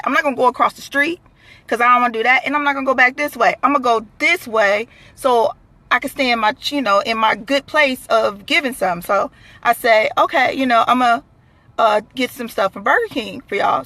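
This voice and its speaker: A woman telling a true story in a blunt, animated, profane way, full of fillers. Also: high voice, no room sound. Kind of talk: casual storytelling to camera.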